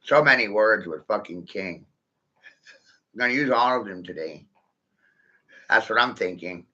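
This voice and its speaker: A man's voice: lowish voice, animated, unhurried, sharp tone. A man in a rambling, profane monologue, stringing rhyming wordplay together and laughing at his own jokes, recorded in his vehicle. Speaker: vlogger. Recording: dull lo-fi sound.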